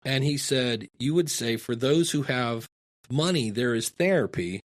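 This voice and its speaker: Middle aged guy from ohio telling podcast stories, acts out the voices, pretty animated. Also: mid-range voice, a little slow. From Ohio, USA. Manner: animated storyteller, acts out quoted dialogue. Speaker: podcasting guest and teacher. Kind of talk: casual storytelling interview.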